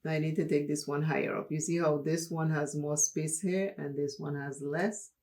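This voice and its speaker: A woman from Dominica, hosting a makeup tutorial and telling a personal story in an unhurried, chatty way. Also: deep voice, fairly even intonation, darkish tone. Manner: unhurried, chatty, laughs while telling stories. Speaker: makeup channel host.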